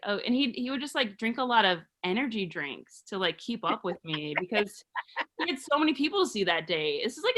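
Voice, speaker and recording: A woman's voice: fairly high pitch, sharp tone. A woman in her thirties from Arizona doing a rambling, self-deprecating stand-up comedy set. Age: 30s.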